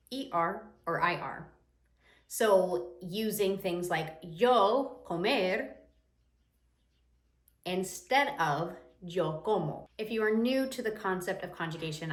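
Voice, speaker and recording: A young woman teaches in a casual, lively way, chatting to her viewers. Her voice sits at a middle pitch. The room around her adds a clear echo. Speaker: Spanish teacher. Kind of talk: casual explanatory lesson. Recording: echoey room.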